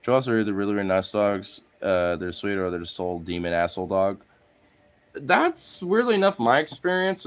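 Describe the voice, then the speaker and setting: A man vlogging in a rambling, filler-heavy casual chat, now and then talking to his dogs. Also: mid-range voice.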